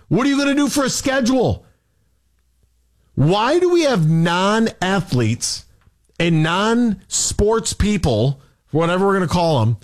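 Fired-up male sports radio host, high and animated, ranting. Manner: exasperated, rhetorical questions. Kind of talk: heated sports talk rant.

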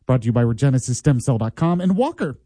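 A man's voice: medium pitch, expressive, quick pace, dark tone, no room sound. A man hosting a morning talk radio show, talking with wry, mock-sad humor.

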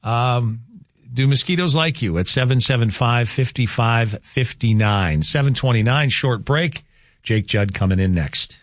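A man hosting a morning radio talk show in a folksy, animated way. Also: medium pitch, measured pace, no echo, clean studio sound. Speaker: radio host.

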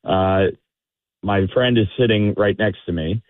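A politician calling in to a radio show, telling a story with animation and acting out the quotes. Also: male voice, fairly low pitch, measured pace, no echo. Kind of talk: anecdote on a call-in radio show. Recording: phone-line call.

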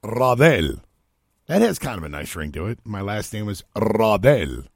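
A man's voice: lowish voice, animated, moderate pace, no echo, clean studio sound. A man hosting a talk radio show, chatting loosely and rambling with self-deprecating asides. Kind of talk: casual radio banter.

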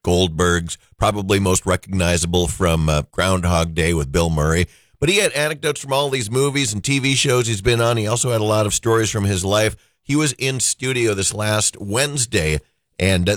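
A man hosting a morning radio show, introducing a replayed story with brisk, upbeat talk. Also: on the low side, dry recording, studio quality.

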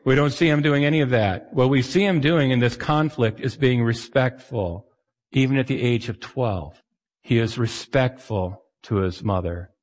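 A man's voice: medium pitch, moderate pace, long reverb tail. A man preaching a sermon as pastor, in a conversational way, acting out the voices he quotes.

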